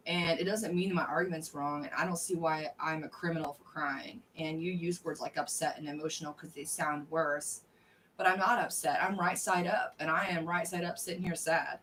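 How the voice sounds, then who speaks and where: A woman's voice: sits low, fairly even intonation, moderate pace, a bit bright, recorded from a distance, slight background noise. A woman casually chatting on a livestream, rambling, blunt and swearing freely. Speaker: livestream host.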